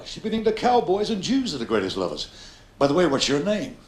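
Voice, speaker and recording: A Londoner in his fifties with a Cockney accent does a crude live stand-up routine on a large theatre stage, brashly landing punchlines and heckling the crowd. His voice sits a little high, swings hugely in pitch and moves fairly quickly. It comes from a 1990s live video, with an echoey hall, background noise and loud audience laughter.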